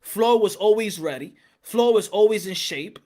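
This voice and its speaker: A man's voice: high-pitched, lively intonation, moderate pace, dark tone. A man hosting a live boxing commentary chat. He argues his points emphatically and often restarts his sentences. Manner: emphatic, stammering restarts, teasing. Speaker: boxing podcast host.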